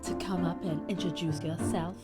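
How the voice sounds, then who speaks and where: A woman voicing a calm, stern female teacher, speaking slow, low and measured in a game read-through. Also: over loud music, natural voice. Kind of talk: visual novel voice acting.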